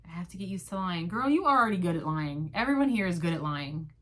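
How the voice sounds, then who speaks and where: Sarcastic woman with a low voice. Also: lively intonation. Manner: sarcastic, swears, jumps into quick mock voices. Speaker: podcast host. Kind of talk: casual solo recap chat.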